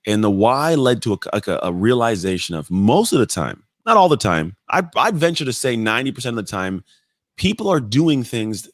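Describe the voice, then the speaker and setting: Deep-voiced man telling stories bluntly. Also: no room sound, clean studio sound. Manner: animated, blunt, swears casually. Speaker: podcast guest. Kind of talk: casual storytelling in conversation.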